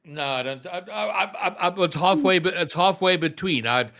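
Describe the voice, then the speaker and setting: Bright-voiced teasing man. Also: high-pitched, normal speed. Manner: teasing, stammers when starting. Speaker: podcast co-host. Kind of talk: casual podcast chat.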